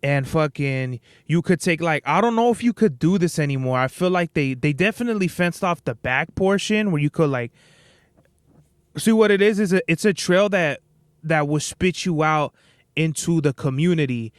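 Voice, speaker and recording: A man's voice: a little high, animated, normal speed, smooth, dry recording, clean studio sound. A young man hosting a podcast alone, telling rambling, profane stories in a laid-back, casual way. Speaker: podcast host. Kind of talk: casual solo podcast monologue.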